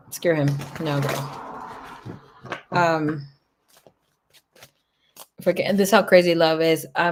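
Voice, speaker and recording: This tarot reader has a fairly low, gravelly voice. During a casual livestream reading, she talks bluntly, swears freely and tells stories in a chatty way.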